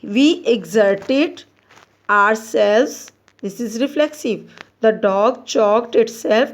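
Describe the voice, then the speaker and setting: A woman teacher reading out grammar exercises and labelling each answer, slow and deliberate, correcting herself as she goes. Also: on the high side. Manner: slow and deliberate, with frequent restarts and self-corrections. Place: Pakistan.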